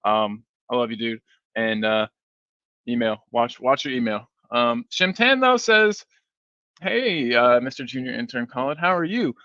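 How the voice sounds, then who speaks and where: A sleepy man hosts a fan live stream, rambling casually and reading viewer comments aloud. His mid-range voice is pushed and bright, with lively intonation and an unhurried pace. The stream audio sounds dull and dry.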